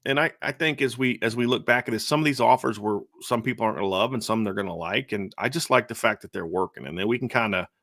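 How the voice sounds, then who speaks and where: Gravelly-voiced man talking football. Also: lowish voice, fast talker, hardly any pauses, a bit bright, no room sound, studio quality. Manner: conversational, repeats words when starting a thought. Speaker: co-host. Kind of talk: casual sports talk.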